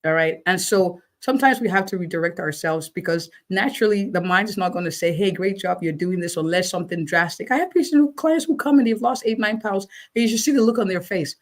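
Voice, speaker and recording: An encouraging woman doctor answering interview questions in a medium-pitched voice. She leans on repeated words to stress a point and checks in with her listeners now and then. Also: expressive, fast, hardly any pauses. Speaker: physician guest.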